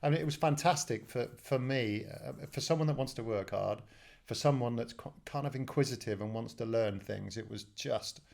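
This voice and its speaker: A man's voice: medium pitch, normal speed, gravelly, darkish tone. A man in his fifties from England, a studio guest telling his career story in a chatty, self-deprecating way with many restarts. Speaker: guest, telecoms director. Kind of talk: casual storytelling interview.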